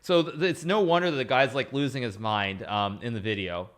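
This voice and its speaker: A man's voice: medium pitch, brisk, fairly bright tone. A man streaming live, chatting casually as he analyzes chess games, rambling and repeating himself as he talks. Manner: thanks viewers for subscriptions between moves.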